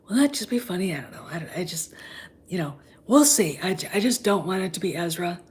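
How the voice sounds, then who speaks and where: Husky woman rambling in half-whispers. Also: fairly low pitch, lively intonation, fast. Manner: rambling, often drops into whispers. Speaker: host of a fan show. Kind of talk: casual fan chat.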